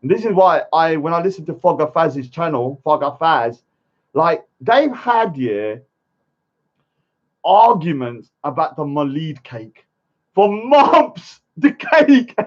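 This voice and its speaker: A man, ranting casually on a livestream and arguing his point, often tagging lines with "yeah?". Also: on the high side. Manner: argumentative, keeps adding "yeah?" tags. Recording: dull lo-fi stream audio.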